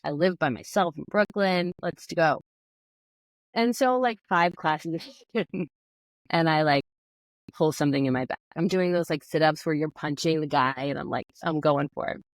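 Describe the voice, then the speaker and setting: A woman who is a physical therapist and yoga teacher tells a personal story as a podcast guest, acting out things she once said. Her voice is low and her pace normal, on a low-quality recording with no room sound.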